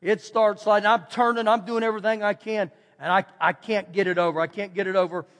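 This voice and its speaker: High-voiced Texan pastor in a reverberant church. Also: male voice, fairly quick. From Texas. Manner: folksy, animated, repeats phrases for emphasis. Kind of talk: storytelling sermon. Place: church sanctuary. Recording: long hall reverb.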